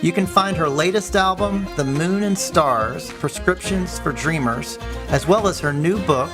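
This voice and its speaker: A man hosting a podcast, asking questions politely and reading the closing credits in a measured announcer style. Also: fairly high pitch. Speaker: podcast host. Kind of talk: interview hosting and scripted outro. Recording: guitar music under the voice. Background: guitar music.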